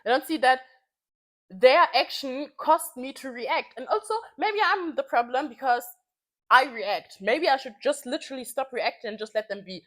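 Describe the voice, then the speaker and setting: A woman's voice: high voice, expressive, normal speed, fairly bright tone. A woman in her twenties venting in a casual vlog, frank and heated, swearing freely and repeating phrases for emphasis. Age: 20s. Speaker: vlogger.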